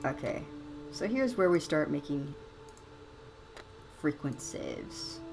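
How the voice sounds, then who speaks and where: A woman's voice: low-pitched, rough recording. A woman giving casual, wry gameplay commentary with chatty, sarcastic asides. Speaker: let's play host.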